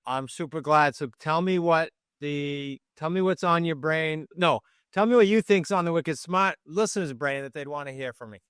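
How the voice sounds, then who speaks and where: A man's voice: a little high, moderate pace, few pauses, a bit bright, clean tone, no echo, clean studio sound. A man hosting a podcast in casual chat, joking and rambling as he thinks aloud. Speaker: podcast host and coach.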